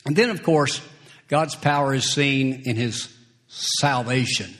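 A man with a mid-range, slightly bright voice preaches a sermon slowly and deliberately. He chuckles between points and acts out quotes from scripture.

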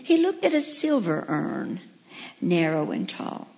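A woman's voice: fairly low pitch, sing-song, unhurried, vocal fry, darkish tone. A woman preaching a heartfelt sermon as a radio preacher, telling stories and reading a poem. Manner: storytelling, heartfelt.

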